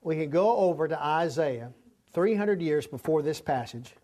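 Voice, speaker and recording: A man's voice: fairly high pitch, lively intonation, normal speed, dark tone. A man teaching a Bible study class in a conversational, informal way, often restarting his sentences and using fillers.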